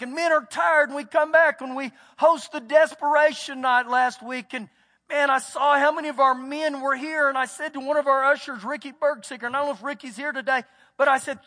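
A man's voice: very high-pitched, sharp tone. A man with a Texas accent preaching a sermon as pastor, telling folksy stories and acting out what people said, in a church sanctuary. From United States. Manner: folksy storytelling, acts out quotes. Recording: church hall with long reverb.

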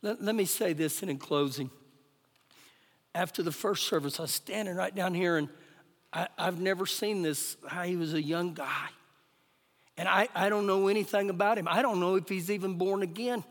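High-voiced pastor preaching in a hall. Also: male voice, normal speed. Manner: emphatic preaching, rises loud then drops soft. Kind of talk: sermon. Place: church sanctuary. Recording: live church recording with long hall reverb.

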